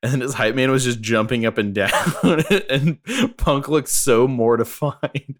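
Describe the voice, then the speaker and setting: A man's voice: mid-range voice, steady tone, measured pace. A man co-hosting a podcast, chatting casually and playfully about wrestling and laughing often. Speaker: podcast co-host. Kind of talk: casual wrestling review chat.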